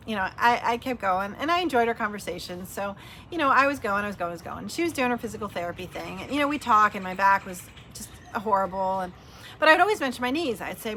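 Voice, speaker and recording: A middle-aged woman vlogger chatting casually and warmly about her weight loss, telling stories with lots of fillers and acted-out quotes. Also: mid-range voice, animated, fast talker, a little hiss or hum. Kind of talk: casual heartfelt chat.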